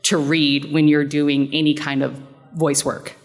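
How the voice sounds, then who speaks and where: Low-voiced female fan at the mic, polite and halting, echoing convention hall. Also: level tone, faint music behind. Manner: polite, hesitant, filler-laden. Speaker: audience questioner, voice actor. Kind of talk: asking a question at a panel Q&A.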